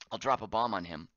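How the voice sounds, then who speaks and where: A man streaming a game live, chatting as he plays, reading viewer comments aloud and thinking out loud, his voice getting hoarse. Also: on the low side, no echo, lo-fi sound. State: voice going hoarse.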